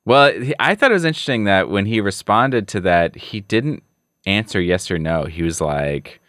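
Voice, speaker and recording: A man co-hosting a podcast in casual chat, making wry, deadpan asides. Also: lowish voice, moderate pace, dry recording, studio quality. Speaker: podcast co-host.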